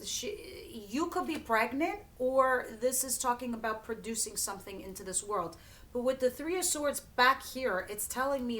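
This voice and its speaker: A woman's voice: mid-range voice, a bit bright, a little hiss or hum. A woman giving a casual tarot reading, talking bluntly and straight to the viewer and swearing freely. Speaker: tarot reader.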